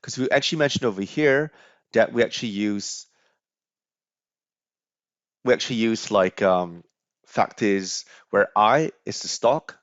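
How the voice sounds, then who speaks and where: Low-voiced man giving a finance lecture. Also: unhurried, pauses often, dry recording. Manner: explanatory, frequent fillers and restarts. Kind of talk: recorded slide lecture. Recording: dry, slightly dull lo-fi audio.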